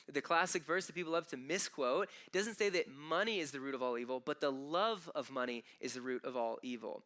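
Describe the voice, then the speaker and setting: A man's voice: fairly high pitch, sharp tone, smooth. A man preaching a sermon as pastor, talking conversationally and emphatically, often restarting his phrases. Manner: conversational, emphatic, with frequent repeated starts. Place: church auditorium.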